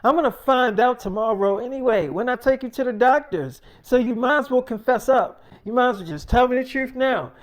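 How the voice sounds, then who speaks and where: A man's voice: extremely high pitch, brisk, few pauses. A man voicing a furious strict mother who scolds and swears at her teenage daughter. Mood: angry.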